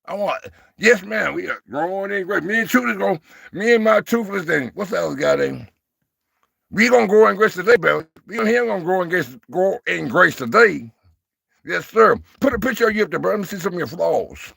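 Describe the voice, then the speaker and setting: This man in his sixties hosts a casual livestream in a folksy, preacher-like style, calling his viewers "baby" and "brother" and getting fired up and playful with the chat. His voice is high, animated, and a little fast, with vocal fry and a fairly bright, slightly rough tone. The recording is studio quality with no room sound.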